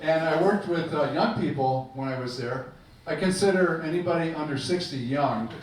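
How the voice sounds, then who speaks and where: A man's voice: on the high side, normal speed. An older man performing a self-deprecating stand-up comedy set on a club stage, with a dry delivery. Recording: echoey club with far mic and loud noise.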